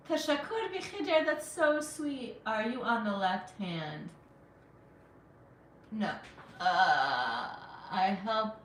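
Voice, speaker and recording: A woman from Afghanistan hosts a relaxed cooking live stream at her own unhurried pace. Her voice is bright and forward, and it sounds set back from the mic in an echoey kitchen. She chats easily and answers viewers as they comment. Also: medium pitch, distant mic, a little hiss or hum. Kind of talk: casual live-stream chat while cooking. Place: home kitchen.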